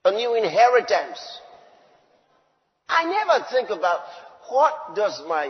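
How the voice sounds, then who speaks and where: Male preacher, high voice, emphatic sermon delivery, muffled recording with long hall reverb. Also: sing-song, unhurried. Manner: emphatic, swinging from loud declarations to low asides.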